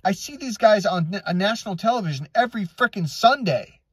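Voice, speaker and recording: A man with a slightly high, husky voice gives a casual motivational talk as a coach. His pitch swings widely as he tells stories and acts out both sides of conversations, with frequent swearing. He is recorded close and dry, with no room sound. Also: lively intonation, brisk, dry recording. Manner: blunt and profane, tells stories with acted-out dialogue. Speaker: life and relationship coach.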